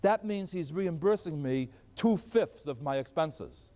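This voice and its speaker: High-voiced older man lecturing in a hall. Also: animated, measured pace, warm tone. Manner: asks questions and answers them himself. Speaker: math lecturer. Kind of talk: chalkboard math lecture.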